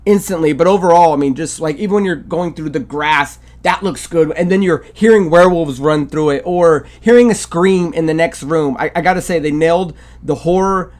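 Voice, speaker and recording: Rambling man with a slightly high voice. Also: normal speed, hardly any pauses, darkish tone. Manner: rambling, with many fillers and "I gotta say". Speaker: video game podcast co-host. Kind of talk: casual game review chat.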